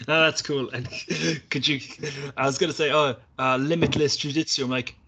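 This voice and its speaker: A man's voice: on the high side, steady tone, normal speed, background noise. A man hosting a podcast in casual chat, joking and swearing freely. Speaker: podcast host.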